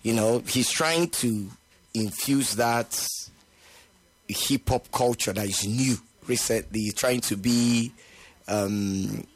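A man's voice: medium pitch, slow, no echo. A man with a Nigerian accent hosting a casual chat, teasing and opinionated, laughing often.

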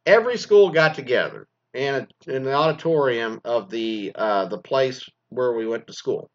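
A man's voice: mid-range voice, animated, normal speed, lo-fi sound. A man who used to teach, ranting casually about school graduations, swearing a lot and rambling with mocking asides. He is from Texas. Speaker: former teacher. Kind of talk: casual profane rant.

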